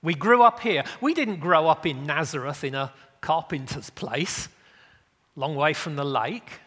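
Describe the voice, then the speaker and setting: A man's voice: a little high, animated, measured pace, sharp tone, big-room sound, full character voice. A man voicing an irritated middle-aged fisherman who speaks politely but sarcastically. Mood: exasperated.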